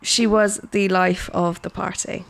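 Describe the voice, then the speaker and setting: A woman's voice: lowish voice, flat delivery, measured pace, gravelly. A woman from Britain co-hosting a podcast, telling a true crime story in casual chat, laughing often and swearing freely. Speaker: podcast co-host.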